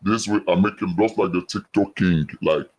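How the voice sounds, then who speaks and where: A man speaking through a deepening voice changer, playfully testing a thick voice. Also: normal speed, darkish tone.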